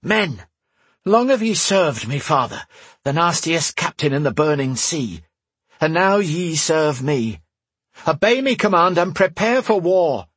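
Fierce pirate captain woman, husky raised voice, dry close sound, gruff swagger, man doing the voice. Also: fairly high pitch, sing-song, unhurried, fairly bright tone, no room sound, voice pushed up, exaggerated voice. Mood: pirate bravado. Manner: bold, gruff pirate swagger when commanding.

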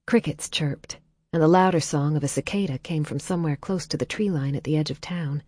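A woman reading a novel aloud as audiobook narrator in a calm, measured way, dropping soft in tender passages. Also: low-pitched, no room sound. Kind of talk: scripted narration.

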